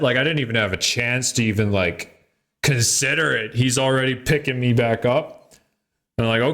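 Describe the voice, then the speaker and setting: A man's voice: mid-range voice, steady tone, normal speed, fairly bright tone. A man hosting a podcast in casual chat, loose and profane, laughing often. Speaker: podcast host.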